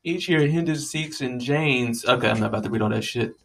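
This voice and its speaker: A man's voice: mid-range voice, fairly quick, gravelly, slight background noise. A young man, casually rambling and joking with lots of profanity. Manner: profane, joking, animated storytelling.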